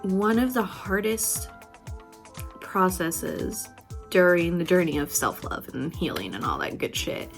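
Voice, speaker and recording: Candid, profane woman vlogger. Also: mid-range voice. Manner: candid, profane, laughs often, swings between loud and soft. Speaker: beauty vlogger. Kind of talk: casual motivational talk while doing makeup.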